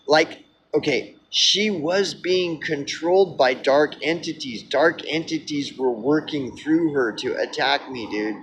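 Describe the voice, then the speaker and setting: A man's voice: on the high side, measured pace, fairly bright tone, slight background noise. A man telling a personal story in a casual, rambling way, swearing often and calling the listener dude.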